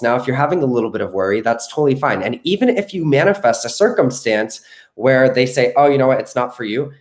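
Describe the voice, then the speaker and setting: A man's voice: medium pitch, darkish tone. A man coaching viewers on a live stream, earnest and reassuring, often checking in with "okay?". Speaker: manifestation coach.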